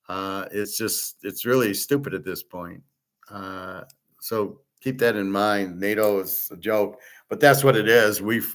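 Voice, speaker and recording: Man, middle-aged, host, ranting, blunt, scornful, lowish voice. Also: a bit bright. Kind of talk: opinionated monologue.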